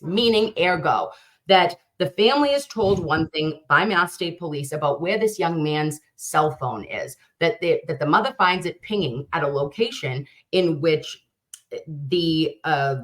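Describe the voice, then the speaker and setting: A woman's voice: fairly low pitch, a bit bright. A woman guest, a true crime content creator, talking through cases in a rambling way and often restarting her sentences. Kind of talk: conversational interview.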